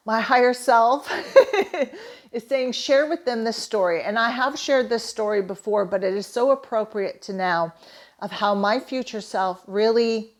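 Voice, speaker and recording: Her voice is a little high and unhurried. She's a middle-aged holistic therapist and manifesting coach from Canada, sharing a personal story with heartfelt, emotional enthusiasm.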